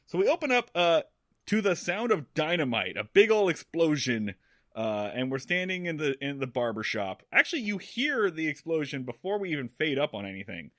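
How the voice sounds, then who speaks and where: A man talks in a higher register with a bright, forceful edge, his pitch leaping around as he chats. He is animated and casual, swearing and laughing through his points as a podcast co-host. The sound is close and dry. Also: normal speed, dry recording. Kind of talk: casual chat.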